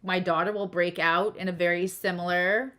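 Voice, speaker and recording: A woman's voice: lowish voice, fairly even intonation, moderate pace, a bit bright. A middle-aged woman hosting a live stream, chatting casually, laughing often and reading comments aloud. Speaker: live-stream host and astrologer.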